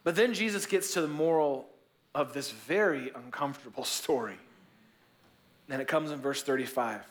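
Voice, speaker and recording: A man's voice: medium pitch, moderate pace. A male pastor giving a sermon, telling a story in a casual, conversational way with joking asides.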